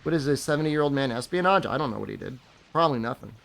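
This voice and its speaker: A man's voice: medium pitch, lively intonation, rapid-fire, creaky, fairly bright tone, soft background music. A young man streaming a game, chatting casually with his viewers in a rambling, sarcastic way and laughing at his own jokes. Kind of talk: casual live-stream chat while gaming.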